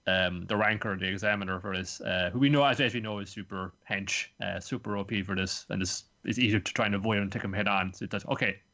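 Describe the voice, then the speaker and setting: A man's voice: on the low side, steady tone, fast, hardly any pauses, sharp tone. A man co-hosting a casual podcast, rambling through episode recaps and acting out characters' lines. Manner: rambling, acts out quotes in voices. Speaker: podcast co-host.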